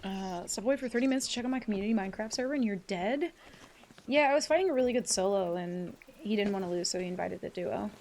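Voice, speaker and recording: A woman's voice: medium pitch, animated, fast, darkish tone, a little hiss or hum. A woman live-streaming a game, chatting casually with her viewers, swearing freely and laughing often. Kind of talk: casual live-stream chat while gaming.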